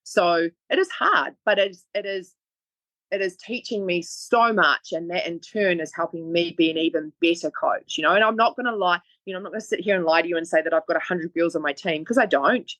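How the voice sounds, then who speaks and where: Chatty and earnest, this New Zealand-accented online fitness coach speaks fast in bursts as a guest in a casual podcast conversation. Her voice sits on the low side with a bit of brightness, in a dry recording.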